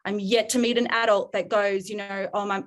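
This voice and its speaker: A woman parenting coach talking frankly on a podcast, lively and quick to act out the voices she quotes. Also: mid-range voice. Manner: frank, swears casually. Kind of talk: podcast interview chat.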